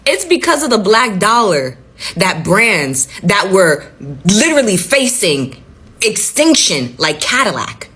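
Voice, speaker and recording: A woman speaks to her followers in a blunt, profane rant, hammering home her points and repeating them for emphasis. Her voice is husky and a little breathy, and her pitch swings widely as she talks. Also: sing-song, slow pace, bright, forceful tone. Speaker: social media commentator. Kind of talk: casual vlog rant.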